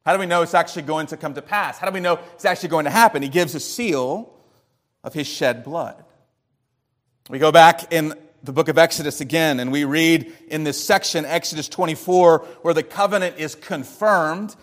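A man delivers a teaching sermon in a slightly higher-than-average voice. He walks listeners through the scripture, asks rhetorical questions, and presses harder or drops low and slow to make a point. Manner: varies loudness and pace for emphasis. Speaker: pastor. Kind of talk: expository sermon.

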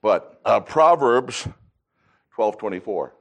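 A man in his sixties teaching a Bible class, emphatic, reading scripture aloud and often clearing his throat. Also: fairly low pitch, lively intonation, takes it slowly, fairly bright tone.

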